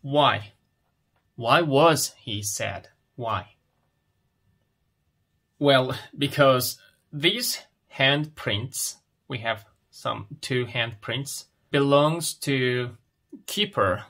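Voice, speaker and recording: A man teaching English, reading a picture story aloud and explaining it slowly, asking questions and then answering them himself. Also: medium pitch, fairly bright tone.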